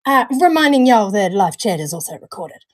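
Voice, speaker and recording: A woman's voice: medium pitch, big pitch swings, fairly quick, no echo. A woman co-hosting a live stream in casual chat, bubbly and laughing often. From New Zealand. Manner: bubbly, laughs often, calls people darling. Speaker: livestream co-host.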